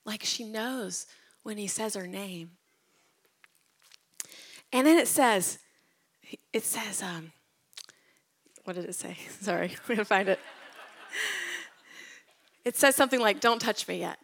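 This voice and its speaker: A woman's voice: mid-range voice, slow, pauses often, a bit bright. A woman retelling Bible stories in a casual devotional talk. She tells them with animation and drops to a whisper at tender moments. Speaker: Bible teacher.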